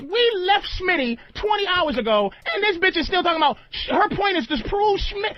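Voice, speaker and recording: A man hosting a radio show, loudly ranting and shouting down a guest in a heated on-air argument, full of swearing. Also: extremely high pitch, expressive, normal speed, hardly any pauses. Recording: dull lo-fi played-back show clip.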